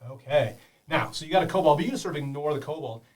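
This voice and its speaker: A male game master leading beginners through a tabletop game, animated and quick to laugh, throwing in sound effects. He talks fast in a slightly raised voice, picked up from a distance away from the mic. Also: fairly high pitch.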